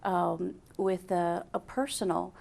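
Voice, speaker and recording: Female interviewer who prompts gently and affirms often. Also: fairly low pitch, steady tone, takes it slowly, vocal fry. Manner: encouraging, with frequent short affirmations.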